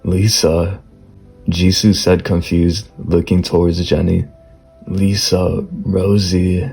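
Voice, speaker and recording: A man with a deep, husky voice reading a fan fiction story slowly in a whispered role-play style, stammering through the dialogue. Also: level tone, faint music behind. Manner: slow, low soft storytelling with stammered dialogue.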